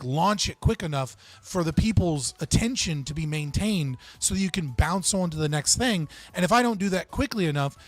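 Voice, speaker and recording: A male live streamer with a slightly raised pitch, ranting to his chat in a rambling, profane, argumentative way. He is full of fillers and restarts. His voice is close and dry, with faint music underneath. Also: dry recording. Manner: lots of fillers and self-corrections. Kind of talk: casual live-stream rant.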